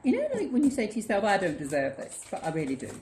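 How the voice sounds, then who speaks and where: An excitable woman unboxing her collection in a casual vlog, swearing freely and squealing with delight. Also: mid-range voice, quick pace. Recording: echoey room with clear background noise.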